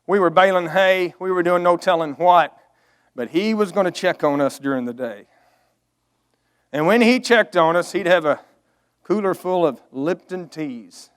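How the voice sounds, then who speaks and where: Earnest preacher man, higher voice. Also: unhurried, long pauses, clean tone. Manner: earnest, emotional, swells to emphatic outbursts. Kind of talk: storytelling sermon.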